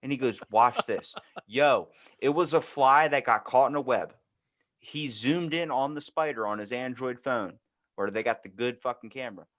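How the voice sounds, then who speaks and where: A man's voice: medium pitch, normal speed, fairly bright tone. Laid-back man telling a rambling story. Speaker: podcast host. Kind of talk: casual chat.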